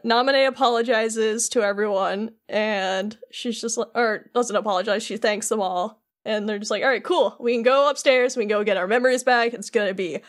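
A woman with a fairly high voice on a casual podcast. She walks through a story scene by scene and drops into quick quoted lines from the characters without changing her own voice. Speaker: podcast co-host.

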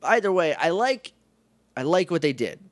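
A man co-hosting a casual podcast, recapping a TV episode with lots of laughter and quick acted-out asides. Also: on the high side, dry recording. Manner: excitable, laughs often, acts out lines in quick asides. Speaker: podcast co-host.

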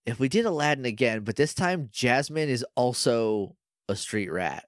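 A man's voice: mid-range voice, lively intonation, normal speed, no echo. A young man co-hosts a podcast, recapping a show in loose, rambling chat. He slips into silly voices whenever he quotes someone. His voice sits in the middle of the range and sounds close and dry, with no room around it. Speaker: podcast co-host.

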